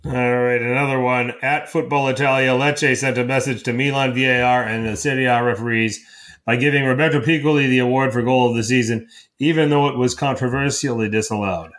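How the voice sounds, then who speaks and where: A man's voice: mid-range voice, steady tone, a little fast, a bit bright. A man co-hosting a casual podcast, teasing friends and telling stories. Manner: teasing, tells anecdotes. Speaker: podcast co-host. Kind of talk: casual chat.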